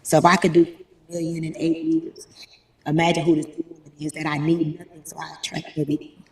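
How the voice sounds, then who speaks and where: A woman telling stories in an animated, emphatic way as a guest, speaking from home. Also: low-pitched, a little fast. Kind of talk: casual interview talk. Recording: roomy echo, distant mic.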